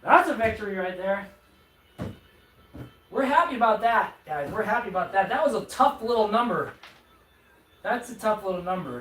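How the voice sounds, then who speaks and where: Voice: medium pitch, fairly bright tone, distant mic. A streamer chatting casually on a live stream while assembling furniture, keeping up a rambling, self-mocking commentary full of stammered restarts. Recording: roomy echo, off-mic, faint noise.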